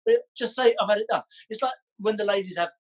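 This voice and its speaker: Chatty man, husky voice. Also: high-pitched, fast talker, rough recording. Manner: chatty, animated storyteller, playful. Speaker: podcast guest, ballroom dancer. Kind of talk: casual chat.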